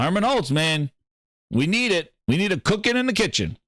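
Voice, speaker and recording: Husky, animated male gaming host. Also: high voice, moderate pace, dry recording, studio quality. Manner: animated, joking, exclaiming, laughing often. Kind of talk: comedic livestream gaming chat.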